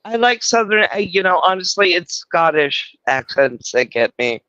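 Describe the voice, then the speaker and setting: A man's voice: sits high, sing-song, normal speed, sharp tone, clear, resonant tone, dry recording, muffled recording. A man from California, hosting a live stream and telling rambling stories in casual banter, swearing freely. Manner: chatty storyteller, swears freely.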